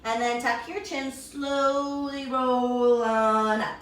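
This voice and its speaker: A woman's voice: on the high side, steady tone, slow pace. A woman guiding a children's yoga class with a storybook, in a playful, encouraging, sing-song way. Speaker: kids yoga teacher. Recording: echoey room, voice from a distance.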